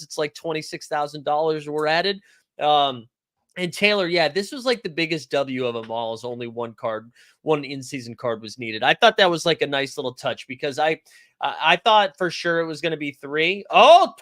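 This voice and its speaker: A man's voice: on the high side, a bit bright. Chatty guy hosting a fantasy sports stream. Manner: loose, rambling, jokey, greets chatters by name. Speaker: fantasy sports livestream host. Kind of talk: casual livestream chat reading viewer comments.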